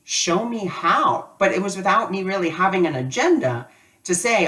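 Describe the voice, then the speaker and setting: A man's voice: sits high, expressive, moderate pace, bright, forceful tone. Man, spiritual teacher, chatty storytelling, casual lesson, voice a little off-mic. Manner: chatty storyteller, many "like" and "you know" fillers. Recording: voice a bit distant from the mic.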